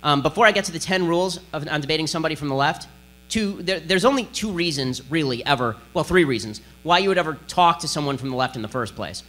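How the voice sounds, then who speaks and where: Man, fast-talking sarcastic lecturer with a slightly high, sharp voice and a faint mains hum. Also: expressive. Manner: rapid-fire, combative and sarcastic. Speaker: political speaker giving a lecture. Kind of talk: speech to an audience.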